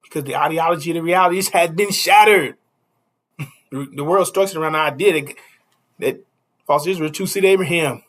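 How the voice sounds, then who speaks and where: A man's voice: fairly high pitch, normal speed, pauses often, fairly bright tone. A man preaching a casual street sermon, stopping often to ask "you see?" and chuckling between points.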